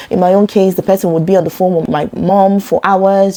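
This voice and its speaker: A Nigerian woman talking earnestly to camera about a personal topic, getting animated when she quotes other people. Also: mid-range voice, normal speed. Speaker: vlogger.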